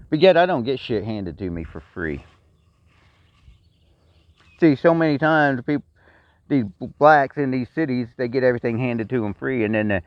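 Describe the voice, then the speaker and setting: A man's voice: medium pitch, no room sound. A middle-aged man with a Texan accent, delivering a blunt, profane personal rant full of repeated complaints. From Texas. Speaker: vlogger. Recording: dry, dull lo-fi sound.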